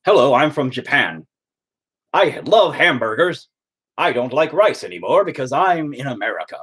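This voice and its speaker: A man putting on a goofy, loud mock newcomer voice with an exaggerated sing-song delivery. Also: medium pitch, very animated, moderate pace, breathy edge.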